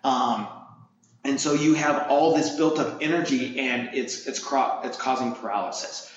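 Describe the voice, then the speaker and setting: A man co-hosting a podcast, telling a story in an energetic, coach-like way. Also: medium pitch, a little slow. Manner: energetic, coach-like, swings loud when excited. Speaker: podcast co-host. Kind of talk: animated storytelling. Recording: echoey room, dull lo-fi sound.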